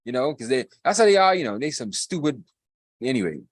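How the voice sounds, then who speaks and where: A man's voice: medium pitch, big pitch swings, fairly quick, slight background noise. A man co-hosting a podcast, ranting emphatically and repeating himself in casual political talk. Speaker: podcast co-host.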